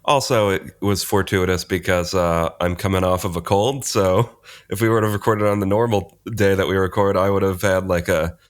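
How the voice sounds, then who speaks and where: A man's voice: low-pitched, steady tone, normal speed. A man co-hosting a casual tech podcast, laid-back, with short replies and easy laughs. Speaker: podcast co-host.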